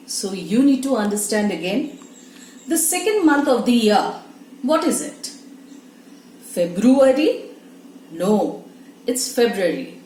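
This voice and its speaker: A woman teaching English pronunciation, spelling words letter by letter and explaining slowly and deliberately. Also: medium pitch, slight background noise. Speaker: English accent tutor. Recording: echoey room with faint ambience.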